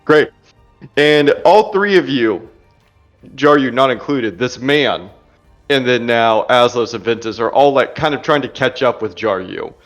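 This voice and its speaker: A man running a tabletop game as game master, narrating scenes casually with quick descriptions and fillers. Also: medium pitch, animated, fairly bright tone, soft background music.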